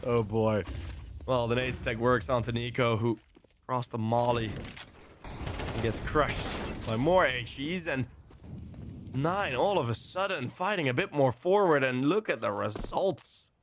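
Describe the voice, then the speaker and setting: A male esports caster calling a live match play-by-play at a mid-range pitch. He breaks into excited exclamations between fast calls. A faint hiss of background noise sits under the voice.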